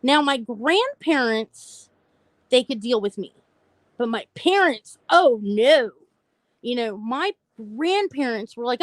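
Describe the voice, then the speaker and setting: Her voice sits high, slightly bright, with lively intonation and a slow pace, captured as a dry recording. The mental health streamer chats openly, telling viewers her personal story directly.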